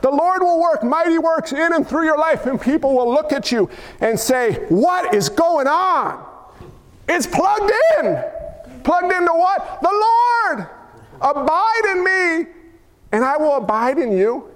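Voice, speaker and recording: A man preaching a lively sermon in a church sanctuary, his voice unusually high. He jokes and acts out little scenes as he goes. The sound carries a long hall reverb. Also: unhurried. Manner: animated, jokey preaching with acted-out quotes. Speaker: pastor.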